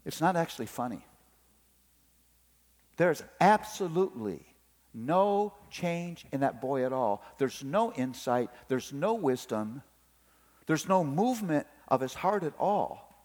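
A man's voice: a little high, slow pace. A middle-aged man preaching a sermon on parenting, telling family stories and acting out the voices. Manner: animated storytelling, acts out family voices. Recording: long hall reverb.

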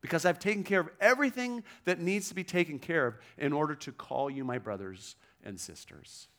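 A man with a slightly higher voice than most, preaching in a relaxed, conversational way. He keeps checking in with his listeners and leans into the scripture he quotes. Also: a little fast. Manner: conversational preaching, frequent "okay?" check-ins, quoting scripture with emphasis. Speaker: pastor. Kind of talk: sermon.

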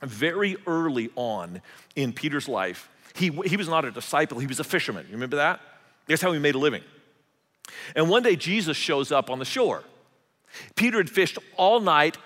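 Male preacher, animated, repeats words, a bit high, echo of a big hall. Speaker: pastor. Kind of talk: sermon.

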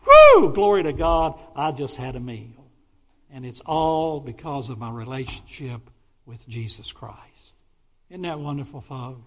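A middle-aged Baptist pastor preaches an animated sermon at a measured pace in a medium-pitched voice. He breaks into sudden excited outbursts and often stumbles and restarts.

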